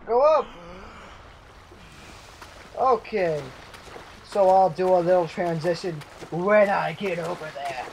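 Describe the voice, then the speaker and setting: A man's voice: high-pitched, a little slow, gravelly, a little mellow, slight background noise, rough recording. A young man hosting a gaming video, giving playful, goofy commentary that drifts into sing-song. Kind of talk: casual game commentary.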